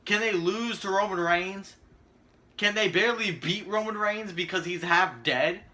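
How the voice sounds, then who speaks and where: A man's voice: sits high, unhurried, pushed and bright. A man giving a profane, sarcastic ranting video commentary as a vlogger.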